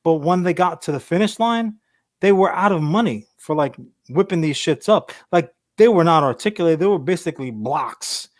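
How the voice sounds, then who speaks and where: Man, casual podcast chat, slightly high voice, dry close sound, profane and rambling. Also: lively intonation, moderate pace, no room sound. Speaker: podcast co-host.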